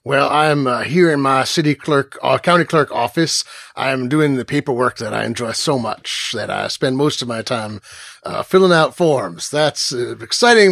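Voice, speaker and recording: A man's voice: mid-range voice, vocal fry, a bit bright, dry recording, clean studio sound. A man voicing a secretive male county clerk in a tabletop role-play podcast, rambling with sly asides.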